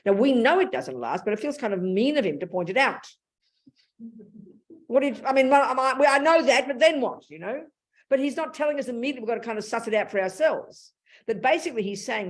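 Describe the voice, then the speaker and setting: A woman's voice: fairly high pitch, brisk. Blunt Australian woman teaching. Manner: blunt, animated, colloquial. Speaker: Buddhist teacher. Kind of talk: Dharma talk.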